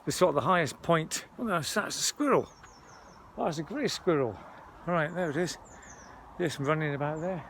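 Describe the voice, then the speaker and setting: A man with a slightly raised pitch narrates his walk up a wooded hill. He rambles in a chatty way, often breaking off mid-sentence and catching his breath. The handheld outdoor recording carries faint rural background sound. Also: lively intonation, normal speed, fairly bright tone, a little hiss or hum. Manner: chatty, rambling, self-interrupting. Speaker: vlogger. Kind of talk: walking vlog commentary.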